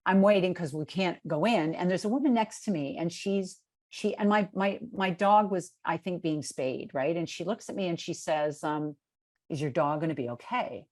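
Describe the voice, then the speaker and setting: A middle-aged woman answering questions on a video call, telling stories in a relaxed way with many fillers and restarts. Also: lowish voice, moderate pace. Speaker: keynote speaker.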